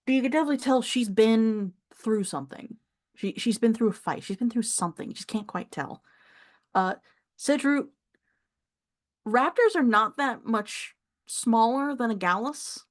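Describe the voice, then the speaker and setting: A woman's voice: on the high side, normal speed. A woman narrating as game master of a tabletop game in a casual, chatty way. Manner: casual, chatty, laughs between descriptions.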